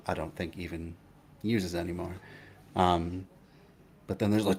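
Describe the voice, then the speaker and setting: A young man hosting a live stream, chatting casually in a rambling, halting way, with many restarts and fillers. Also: low-pitched, animated. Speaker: livestream host.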